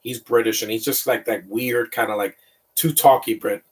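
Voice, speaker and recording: A man's voice: lowish voice, steady tone, moderate pace, husky, far from the mic. A man giving casual live film commentary, rambling and opinionated, often tripping over repeated words. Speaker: movie commentator.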